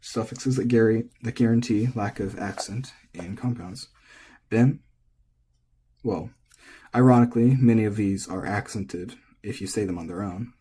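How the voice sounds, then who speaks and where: Relaxed male teacher with a low, mellow voice, explaining casually and correcting himself mid-thought. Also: moderate pace, slight background noise. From United States. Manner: relaxed, thinking aloud, self-correcting. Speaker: language teacher.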